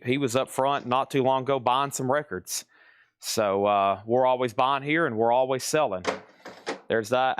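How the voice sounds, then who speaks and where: A man running a live-stream record auction. He talks briskly, repeats prices and bidders' names, and makes folksy asides while he works in a record shop. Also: mid-range voice, slight background noise. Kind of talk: live-stream sales patter. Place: record shop, moving between crates.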